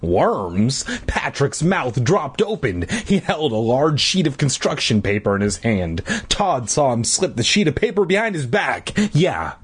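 Husky man reading a storybook casually. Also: mid-range voice, sing-song, normal speed, few pauses. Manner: irreverent, swears, sighs between chapters. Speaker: reader. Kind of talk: casual storybook read-aloud.

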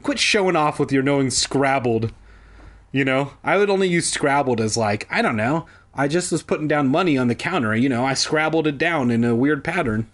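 A man's voice: mid-range voice, expressive, normal speed. A man reading a kids' book aloud for laughs, breaking off into profane, self-deprecating asides.

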